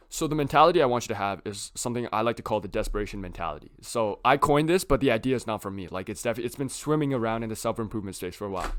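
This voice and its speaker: A young man talking casually to camera about self-improvement, rambling with lots of filler words and tag questions. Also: medium pitch. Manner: rambling, heavy use of "like" and "right?".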